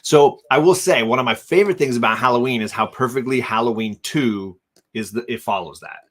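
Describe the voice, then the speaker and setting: A man's voice: mid-range voice, brisk, a bit bright. A man hosting a casual charity livestream, with a middle-range voice. He rambles with plenty of fillers and stops to thank donors by name. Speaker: livestream host.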